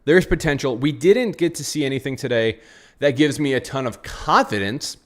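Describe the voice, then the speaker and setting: A man's voice: mid-range voice, normal speed, fairly bright tone. Frustrated man reacting to football. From United States. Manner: frustrated, rambling, repeats phrases, answers chat. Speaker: football channel host. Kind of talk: live post-match reaction reading chat.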